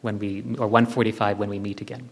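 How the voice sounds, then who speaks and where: A man giving a live spiritual talk to a group, gently instructive and repeating his key phrases. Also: fairly low pitch, level tone, fast talker. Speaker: spiritual teacher. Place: large hall with long reverb. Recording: long hall reverb from a live talk.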